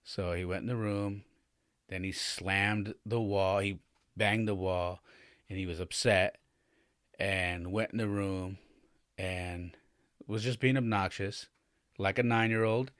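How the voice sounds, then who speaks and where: Slow with long pauses, his low voice keeps fairly even intonation and a fairly bright tone, captured as a dry, clean studio recording. The forties-aged podcast host tells a candid family story, acting out the dialogue and rising in voice as he gets worked up.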